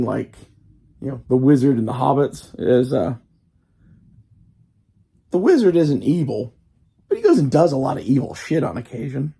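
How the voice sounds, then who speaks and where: A man with a gravelly, husky, strained voice rambles in a loose casual monologue. His tone is dark and mellow. He swears freely and fills his talk with fillers as he wanders from point to point. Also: medium pitch, very animated, moderate pace, long pauses. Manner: profane, meandering, full of fillers.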